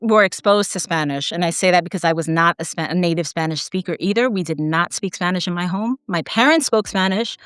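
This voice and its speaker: A woman guest on an interview podcast, telling her story with animated asides, quick laughs and acted-out quotes. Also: fairly low pitch, smooth, no room sound, studio quality. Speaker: podcast guest, academic editor.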